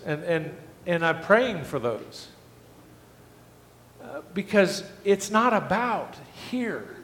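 A man's voice: fairly high pitch, slight background noise. A man preaching a sermon, asking the congregation earnest rhetorical questions. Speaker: pastor. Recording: echoey hall with faint ambience.

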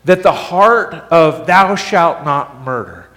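Preaching slowly to his flock, this high-voiced pastor lets his pitch rise and fall sharply with every point he makes. Animated and questioning, he keeps putting questions to the congregation and trips over his words on restarts. A church hall's lingering reverb surrounds him.

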